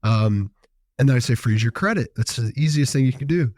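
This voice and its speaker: A man's voice: medium pitch, fairly quick, darkish tone, no echo, studio quality. A man co-hosting a podcast, telling stories and acting out both sides of conversations. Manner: storytelling, acts out dialogue. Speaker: podcast co-host. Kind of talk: casual podcast chat.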